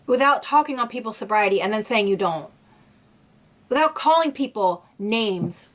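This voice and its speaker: A woman's voice: medium pitch, animated, normal speed. A woman vlogger ranting in an indignant, emphatic way, repeating phrases for emphasis as she speaks to her viewers. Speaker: YouTube vlogger. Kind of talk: ranting commentary vlog.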